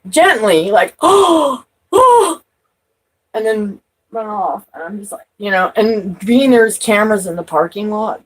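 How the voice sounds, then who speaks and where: A woman vlogging in a rambling, profane monologue, swinging from loud outbursts to trailing off. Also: medium pitch, slightly rough, poor audio. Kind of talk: rambling personal talk to camera.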